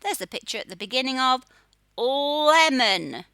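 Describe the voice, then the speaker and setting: A woman teaching a children's phonics lesson, sounding out letters in a slow, sing-song way. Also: high voice, big pitch swings, pushed and bright, no room sound. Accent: Australian.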